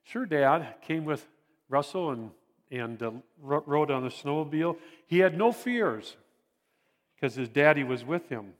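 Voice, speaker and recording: A man's voice: a little high, lively intonation. Earnest older man preaching in a reverberant hall. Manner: earnest, halting, repeats phrases for emphasis. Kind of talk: sermon. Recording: long reverb of a large hall.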